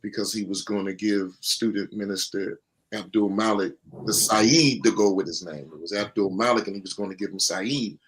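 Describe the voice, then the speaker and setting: A man's voice: on the low side, moderate pace, a bit bright. A man being interviewed as a student minister, telling his testimony in an earnest, folksy way full of fillers.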